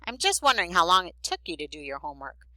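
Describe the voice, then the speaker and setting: A woman's voice: lowish voice, sing-song, fast, pushed and bright, no room sound, heavily acted, rough recording. A woman voicing an upbeat male schoolteacher who speaks cheerfully and carefully, in a storybook reading. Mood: gentle. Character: upbeat male teacher, gentle but serious.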